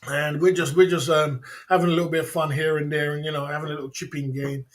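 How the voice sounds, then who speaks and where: Man, livestream host, slangy banter, keeps laughing, slightly high voice. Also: little pitch movement, fast, poor audio. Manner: laughs often, repeats catchphrases, slangy banter. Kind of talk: casual livestream chat.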